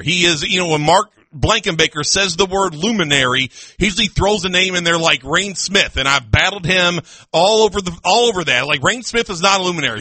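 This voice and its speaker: A man's voice: sits high, no echo. A man hosting a casual sports radio talk show in a studio, ranting with mock indignation. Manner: excitable, mock-indignant rants. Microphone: studio microphone with headphones.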